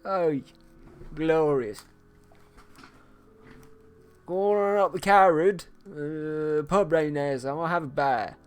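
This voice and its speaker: A man voicing a hard-drinking Geordie lad calling mates to the pub, in a loud mock Geordie accent. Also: a little high, takes it slowly, pauses often, clean tone. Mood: boisterous. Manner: boisterous, bellowing pub talk.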